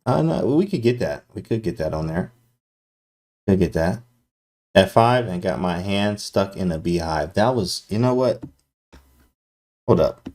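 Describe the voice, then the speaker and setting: A man's voice: low-pitched, animated, unhurried, pauses often, a little mellow. Hyped, slangy man talking chess. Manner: slangy, hyped, talks straight to chat. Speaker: chess streamer. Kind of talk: live-stream chess commentary.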